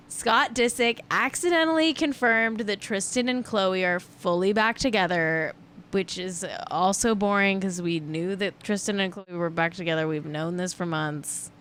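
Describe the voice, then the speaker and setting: A woman's voice: on the low side, a bit bright, a little hiss or hum. A woman hosting a celebrity gossip livestream, chatting casually and rambling, correcting herself as she goes. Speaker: celebrity gossip show host.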